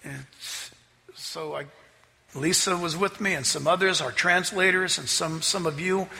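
A man preaching a sermon as pastor, telling a story with animated delivery that rises toward near-shouting at the climaxes. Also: a little high, a little slow, creaky, slight background noise. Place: church sanctuary. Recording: hall reverb, faint ambience.

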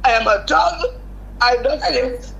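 A woman's voice: high voice, a little slow, vocal fry, a bit bright, low-quality recording. An older woman calling in to a radio show, venting her frustration emphatically and repeating herself. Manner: vexed, repetitive, emphatic. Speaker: caller. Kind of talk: call-in radio complaint.

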